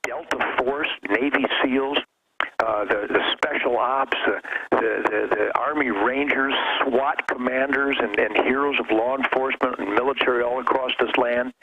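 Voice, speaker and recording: A man's voice: mid-range voice, fairly even intonation, normal speed, muffled recording. A man calling in as a radio show guest, delivering a fiery, preachy rant that builds into outbursts. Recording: noisy radio line.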